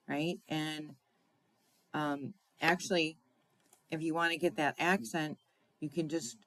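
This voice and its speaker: Slow, chatty woman crafting host. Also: sits low, no room sound, rough recording. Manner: chatty, unhurried, often asks "right?"; laughs at own slips. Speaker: crafting demonstrator. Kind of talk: card-making tutorial demo.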